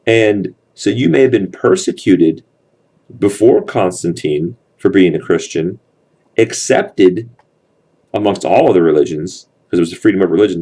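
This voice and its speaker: A man's voice: deep voice, mellow, husky. A man teaching a history class, explaining step by step and often checking in with his students. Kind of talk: classroom lecture.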